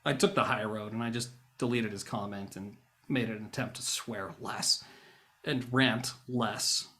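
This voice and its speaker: A man's voice: fairly low pitch, fairly even intonation, unhurried. Ranting, self-mocking man on a vlog. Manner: flares into loud bursts. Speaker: YouTuber. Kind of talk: rambling casual monologue.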